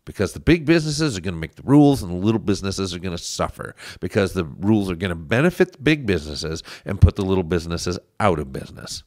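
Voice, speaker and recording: Deep-voiced man urging action. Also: animated, fast talker, hardly any pauses, darkish tone, no echo, clean studio sound. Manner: earnest, urging listeners to get involved. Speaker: podcast host. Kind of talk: political podcast commentary. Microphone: studio microphone.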